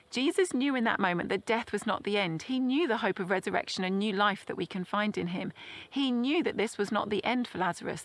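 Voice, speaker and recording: Earnest woman preaching gently. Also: mid-range voice, dry recording. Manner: gentle, earnest, slows down on key phrases. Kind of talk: sermon.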